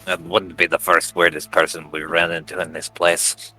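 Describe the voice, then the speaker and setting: A man playing a tabletop game, blunt and sarcastic and quick to swear. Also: deep voice, level tone, pushed and bright, soft background music. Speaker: player. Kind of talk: casual tabletop game chat.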